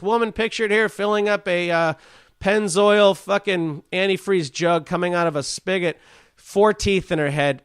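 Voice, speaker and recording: A man with a high, creaky, sharp-toned voice hosts a comedy podcast, recorded with no echo. He rants with plenty of profanity and stumbles over words while reading.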